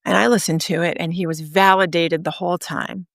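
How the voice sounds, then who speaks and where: A woman guest in a podcast interview, telling a story earnestly with emphatic pauses. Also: fairly low pitch, steady tone, gravelly, dry recording, clean studio sound. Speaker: guest author and speaker.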